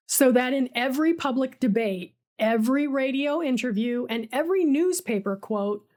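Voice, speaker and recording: Woman telling history with suspense. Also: fairly high pitch. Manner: vivid, suspenseful storytelling. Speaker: narrator. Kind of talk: scripted dramatic history narration.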